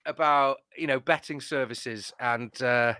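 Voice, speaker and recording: A man's voice: mid-range voice, pushed and bright, clean tone, dry recording. Rambling man chatting about football. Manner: rambling, halting, many restarts. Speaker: fan show co-host. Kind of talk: casual football chat and live reactions.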